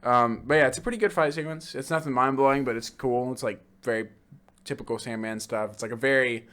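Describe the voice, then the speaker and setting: A young man co-hosting a casual movie podcast, going hoarse and laughing often as he acts out quoted lines. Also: mid-range voice, quick pace, fairly bright tone. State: losing his voice. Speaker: podcast co-host.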